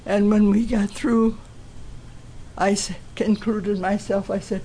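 A woman's voice: mid-range voice, flat delivery, slow pace, mellow, a little hiss or hum. A woman giving an earnest, emotional personal testimony to a church gathering.

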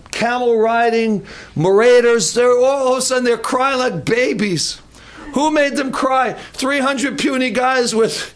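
An older man preaching a sermon, telling a story with animated, acted-out voices. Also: high-pitched. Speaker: pastor.

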